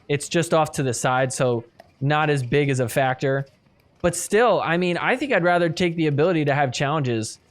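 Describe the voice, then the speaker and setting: Excitable man recapping pickleball replays. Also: a little high. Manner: excitable, casual, talks over replays. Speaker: podcast host recapping matches. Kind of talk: play-by-play video recap commentary.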